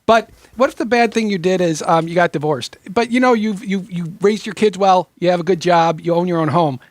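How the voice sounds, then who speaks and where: Halting high-voiced man, dry sound. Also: no room sound. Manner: halting, many fillers, lecturing on history. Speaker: discussion participant. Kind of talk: casual group discussion.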